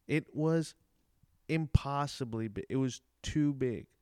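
A man with a mid-pitched, smooth voice tells stories eagerly and keeps the chat light. The sound is close and dry. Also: slow pace, dark tone, no echo. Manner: chatty, laughing, eager storyteller. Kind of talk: casual chat.

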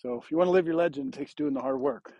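Walking hills outdoors at night in a weighted vest, an Oregon podcast host gives a breathless, earnest motivational faith talk that rambles and restarts. His slightly high voice is creaky and warm, very animated and very fast, with a muffled recording and no echo.

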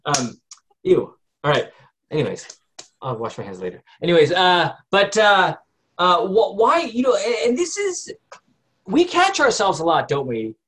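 A man's voice: sits high, wildly swooping pitch, measured pace, a bit bright, breathy edge. A man leading a group Bible study in a conversational way, often asking the group questions and using many fillers.

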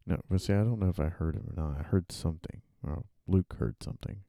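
A man, an author, thinks aloud while drafting and typing in a dark room, muttering, rereading and correcting himself. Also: low-pitched, fast talker, no echo.

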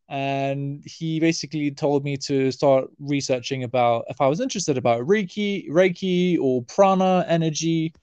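A man, talking casually as an interview guest, relaxed and rambling with fillers and restarts. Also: on the high side, moderate pace, hardly any pauses, clean tone, no echo, lo-fi sound. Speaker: herbalist guest.

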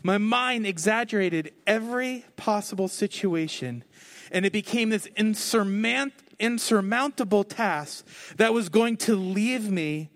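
A man preaching a conversational sermon from the stage, telling his own story candidly with lively, expressive delivery. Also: sits high, unhurried. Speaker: pastor. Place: on stage before a congregation.

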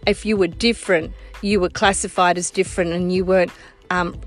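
A woman's voice: lowish voice, fairly even intonation, brisk, faint music behind. Encouraging Australian woman host. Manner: encouraging, frequent short agreements. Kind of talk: casual chat.

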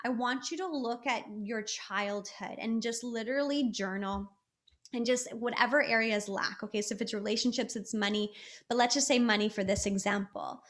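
Woman, podcast host, casual motivational talk, upbeat, chatty, frequent restarts, slightly high pitch. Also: moderate pace, fairly bright tone.

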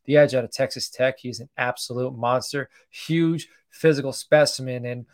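Middle-aged guy hosting a live sports stream, chatty, shouts out viewers, medium voice. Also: mid-range voice, fairly even intonation, moderate pace. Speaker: podcast host doing a mock draft. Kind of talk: casual livestream commentary.

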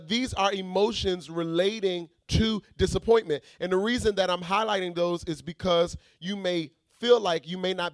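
A man preaching a sermon, swinging from shouted prayer to quiet teaching and calling out to the congregation. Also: high-pitched, dry recording, clean studio sound. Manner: calls out to the congregation.

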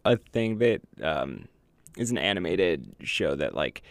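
A man's voice: low voice, very animated, a little slow, creaky, no echo. Rambling, profane man in casual chat. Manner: rambling and profane, with many fillers.

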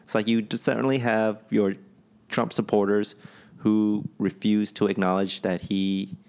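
Gravelly low-voiced man musing casually. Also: level tone, a little slow, a little mellow. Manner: opinionated, musing, loose and profane. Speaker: podcast co-host. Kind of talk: casual chat.

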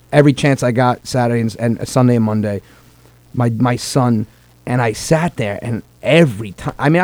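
A man in his thirties with a New York–New Jersey Italian-American accent speaks earnestly and emotionally on a comedy podcast, swearing and repeating words as he gets worked up. His voice is medium-pitched and darkish, with no echo.

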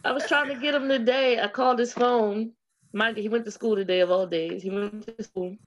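A woman in casual chat, teasing and quick to laugh. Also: fairly high pitch, steady tone, a little hiss or hum, rough recording.

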